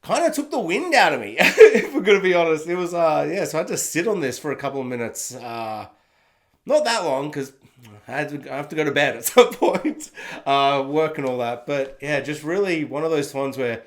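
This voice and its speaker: Guy, TV recap vlogger on his own camera, chatty, self-mocking, voice a touch high. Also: expressive, moderate pace. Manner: rambling, laughs often, self-deprecating. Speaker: TV review vlogger. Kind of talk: casual spoken review. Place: home room. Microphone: own camera setup.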